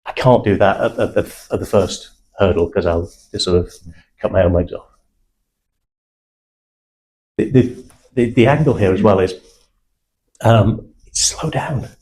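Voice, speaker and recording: A man runs a sales training session, talking bluntly and confidently. His low, warm voice carries British slang. A faint room ambience sits underneath. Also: normal speed, a little hiss or hum, poor audio. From England (South Manchester). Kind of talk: live sales training talk.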